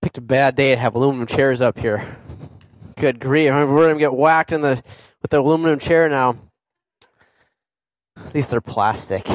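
A man's voice: medium pitch, moderate pace, pauses often, dry recording, rough recording. A man preaching, making wry asides and then reading scripture and explaining it earnestly. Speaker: pastor.

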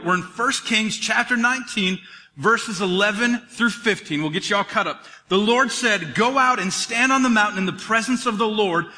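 Guy pastor preaching, jokey and animated, high voice, echoey hall. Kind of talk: sermon.

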